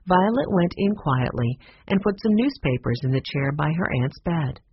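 A narrator reading a children's chapter book aloud in a plain, measured storytelling manner. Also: medium pitch, animated, husky, dull audio. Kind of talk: audiobook narration.

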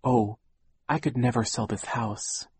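A man's voice: medium pitch, a little slow, a little mellow, breathy edge, dry recording. A man voicing a fussy, anxious older widowed aunt who gets teary and speaks very properly, in an audiobook reading. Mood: nervous.

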